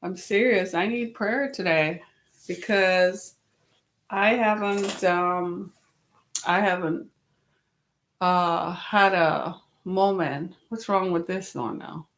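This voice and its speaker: A woman's voice: lowish voice, steady tone, slow pace, roomy sound. A woman hosting her web series, talking casually to camera, tired and a little wheezy from lack of sleep, with a chatty, exasperated, rambling manner.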